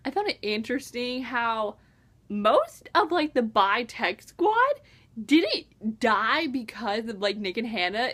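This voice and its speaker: A young woman excitedly reviewing a book in a casual vlog, gushing and acting out her own reactions. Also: fairly high pitch. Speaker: book vlogger.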